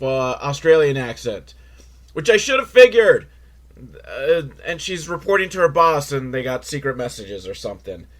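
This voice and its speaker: A man hosting a podcast, recapping a film in a crude, rambling, self-mocking way with sudden loud outbursts. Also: mid-range voice. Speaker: podcast host reviewing a film. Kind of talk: casual comedic film recap.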